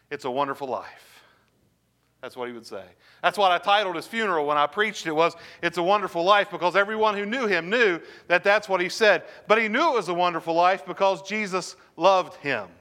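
A man's voice: high-pitched, pushed and bright. A man preaching a sermon as pastor, drawing the congregation in with questions and call-and-response. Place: church sanctuary.

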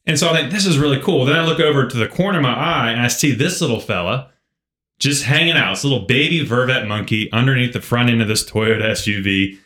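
A man co-hosting a podcast, telling a story in an animated, casual way full of filler words. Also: mid-range voice, quick pace. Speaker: podcast co-host. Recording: roomy echo.

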